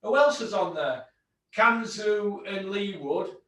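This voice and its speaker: A man's voice: high-pitched, animated, slow, pushed and bright. A man hosting a boxing podcast, blunt and sweary, ranting about fights. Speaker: host. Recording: very echoey room, distant mic.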